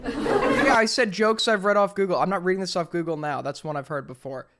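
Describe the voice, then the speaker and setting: A man hosting a live stream, telling jokes to his chat with slow, deadpan buildups and asking whether they landed. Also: high-pitched, a little hiss or hum. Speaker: streamer host. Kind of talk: casual stream joke-telling.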